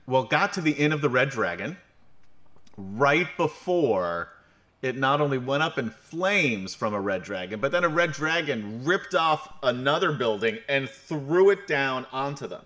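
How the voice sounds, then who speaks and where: A bright-voiced man from New York runs a game stream, recapping between jokes. His pitch swings widely and he rambles through plenty of fillers. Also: sing-song, measured pace. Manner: joking, rambling, many fillers. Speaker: game master. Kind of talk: livestream recap and banter.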